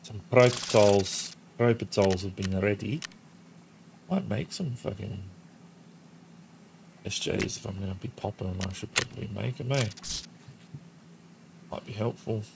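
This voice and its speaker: A man's voice: fairly low pitch, a little slow, gravelly, pauses often. A man streaming a shooter game, chatting casually and joking with a teammate. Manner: joking, sings and does silly accents. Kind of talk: casual gaming stream chat. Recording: noisy home stream recording.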